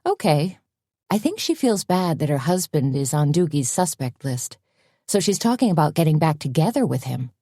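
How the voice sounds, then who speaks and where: A woman voicing a calm, level-headed café owner in an audiobook, speaking evenly and dryly. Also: low-pitched, slightly rough, no room sound, full character voice. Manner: even, dry and measured.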